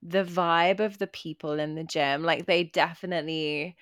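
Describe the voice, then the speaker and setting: Woman podcast host, deep and gravelly, halting speech, dry close sound. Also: fairly even intonation, a bit bright, dry recording. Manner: hesitant, halting with restarts. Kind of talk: casual conversation.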